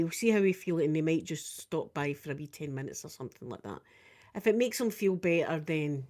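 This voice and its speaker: A Scottish woman in her fifties, chatting casually with viewers on a live stream, rambling and swinging up and down in pitch. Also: a little mellow. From Scotland. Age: 50s.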